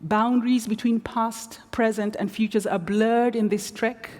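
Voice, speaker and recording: Woman, guest lecturer; reflective, measured storytelling with dry humor; long theatre reverb. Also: a little high, fairly even intonation, a little mellow. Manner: measured, reflective, wry asides. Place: large theatre.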